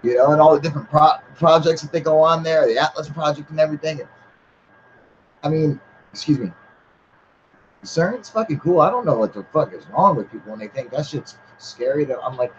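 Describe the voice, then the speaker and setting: A man's voice: fairly high pitch, a little fast. Buzzed guy cussing his way through a live stream, kinda muffled lo-fi mic, faint hiss. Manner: heavy swearing, laid-back, reads chat aloud. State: a little high and drunk. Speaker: livestream host. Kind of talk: casual rambling livestream chat.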